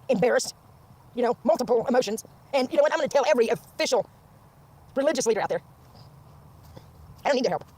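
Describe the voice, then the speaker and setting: A woman ranting on a livestream, profane and repetitive, swinging from wry laughter to shouting. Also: fairly high pitch. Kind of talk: angry livestream rant.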